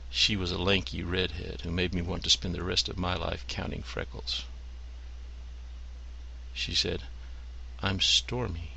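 Gravelly, deep-voiced man reading stories. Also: flat delivery, measured pace, long pauses, sharp tone, slight background noise, low-quality recording. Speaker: story reader. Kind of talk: reading short stories aloud.

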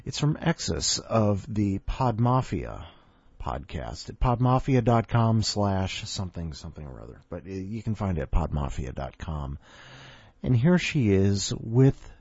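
Wry male podcast host, lowish voice, lo-fi sound with music under. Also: very animated, unhurried, a little mellow, husky, no echo. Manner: wry, offhand, self-mocking. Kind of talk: casual podcast hosting and narration. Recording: dull lo-fi audio with music.

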